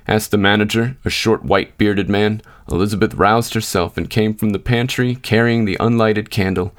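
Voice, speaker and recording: Low-voiced man reading a story. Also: steady tone, normal speed, few pauses. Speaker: podcast host and reader. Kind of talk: scripted narration.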